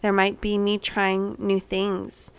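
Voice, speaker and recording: A woman's voice: medium pitch, completely flat delivery, slow pace, smooth. A pregnant woman in her thirties hosting her own podcast, talking candidly and a little emotionally with many ums and restarts. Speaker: podcast host. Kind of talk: personal podcast monologue.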